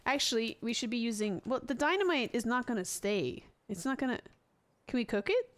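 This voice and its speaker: Chatty woman gaming streamer, voice sits a bit high and bounces all over, giggly. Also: big pitch swings, brisk. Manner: chatty, giggly, reacts loudly to the game. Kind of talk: live gameplay commentary.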